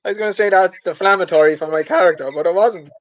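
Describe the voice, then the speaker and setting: High-voiced, easygoing male podcast co-host. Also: quick pace, no room sound, lo-fi sound. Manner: easygoing, self-deprecating. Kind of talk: casual betting chat.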